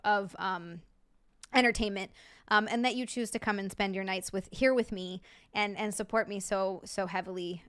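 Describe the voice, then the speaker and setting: A woman's voice: medium pitch, clean tone. A woman from Hawaii, a live streamer, chatting casually late at night, effusive and playful, rattling off thanks to her viewers. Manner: effusive, rapid shout-outs and playful asides.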